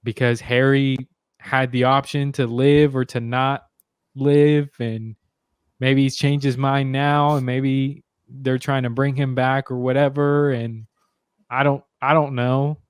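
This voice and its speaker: A man's voice: mid-range voice, flat delivery, slow, clear, resonant tone, no room sound, clean studio sound. A man in casual chat, hesitant and teasing, thinking aloud about a story.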